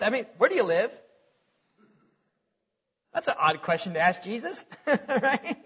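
A man's voice: very high voice, expressive, measured pace, vocal fry, long pauses, fairly bright tone, husky. A middle-aged man preaching a sermon in a conversational way, repeating words and chuckling between points. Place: church hall. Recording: lo-fi recording in a reverberant hall.

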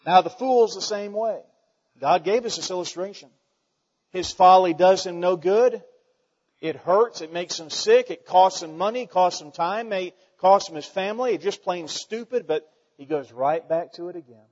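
A man preaching a folksy, animated sermon to his church, swinging between loud declarations and quiet asides. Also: sits high, normal speed. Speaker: pastor. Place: church sanctuary. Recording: dull sound with long hall reverb.

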